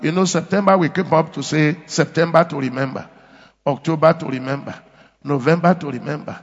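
Nigerian male pastor, emphatic call-and-response sermon, raised pitch, long church reverb. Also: muffled recording.

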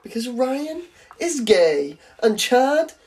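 A woman's voice: on the high side, very animated, takes it slowly, darkish tone, husky, rough recording. A young woman co-hosting a casual watch-along podcast, joking bluntly and swearing freely. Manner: blunt, jokey, sweary banter. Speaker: podcast co-host.

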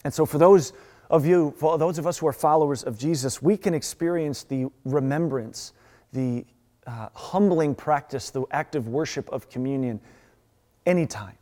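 A man's voice: on the high side, moderate pace, dark tone. A man preaching a sermon as pastor, earnest and emphatic, often restarting his words. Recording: long reverb.

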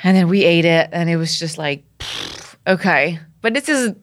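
A woman from Canada, a podcast guest, telling a story in a lively way, laughing often and acting out what people said. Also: fairly low pitch, brisk. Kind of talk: casual storytelling.

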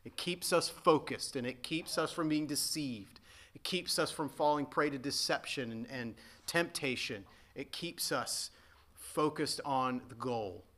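Bright-voiced pastor preaching earnestly. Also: male voice, mid-range voice, measured pace. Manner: earnest, emphatic preaching with frequent restatements. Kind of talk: sermon.

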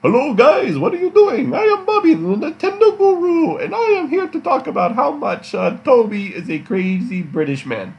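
A man mimicking an excitable friend in a high, shrill voice with an exaggerated New Jersey accent, as a mocking impression. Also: moderate pace, vocal fry, few pauses, dull audio, full character voice.

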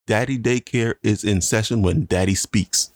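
A man's voice: lowish voice, normal speed, no room sound, clean studio sound. A man co-hosting a casual chat, a father bragging in a playful, mock-serious way. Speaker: podcast co-host, father.

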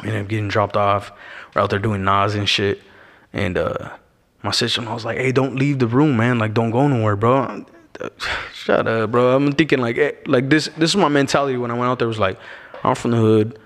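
A man's voice: lowish voice, a bit bright. Slangy man from Arizona, echoing room. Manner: slangy, laid-back, fills every pause with "bro" and "you know what I'm saying". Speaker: podcast guest. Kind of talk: casual storytelling. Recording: long echoing reverb.

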